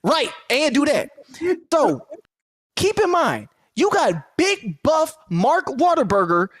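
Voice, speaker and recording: Speaking slowly at an extremely high pitch, a man co-hosts a movie podcast in clean studio audio free of room sound. His casual review chat is an animated, profane rant, punctuated by quotes he acts out in voices.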